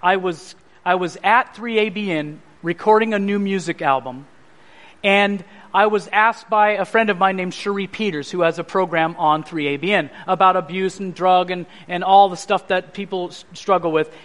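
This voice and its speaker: A man with a high-pitched voice preaches a sermon at a moderate pace, sharing his personal testimony as an animated story and acting out other people's voices.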